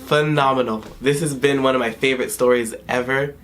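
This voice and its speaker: A man in his twenties reviewing a video game in a vlog, tearful and emotional, halting and often trailing off mid-sentence, in a dim room at home. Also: medium pitch, fairly even intonation, fairly bright tone. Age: 20s. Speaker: gaming YouTuber.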